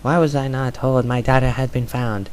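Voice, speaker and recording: A man's voice: mid-range voice, fairly even intonation, moderate pace, darkish tone, a little hiss or hum, lightly acted. A man voicing a stern noble father who speaks in a firm, demanding way in a storybook reading.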